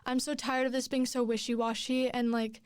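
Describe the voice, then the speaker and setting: A woman's voice: on the high side, flat delivery, a little fast, clean tone, no echo, clean studio sound. A young woman, a podcast guest, telling her story in casual chat, rambling with many fillers and restarts.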